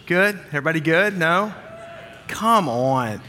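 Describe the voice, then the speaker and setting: Man from Wisconsin, senior pastor, bright forceful delivery, playful with the crowd; long church reverb. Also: medium pitch, lively intonation, slow pace, long pauses. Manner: upbeat, joking with the congregation. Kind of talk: sermon with church announcements. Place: large church auditorium.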